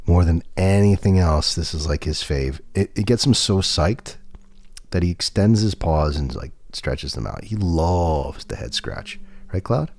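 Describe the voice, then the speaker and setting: A man's voice: low voice, expressive, normal speed, vocal fry, a little mellow, slightly rough. A man livestreaming from his home desk into a desk microphone, chatting playfully and fondly to his cat. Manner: playful, fond, teasing the cat. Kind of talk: casual chat to his cat.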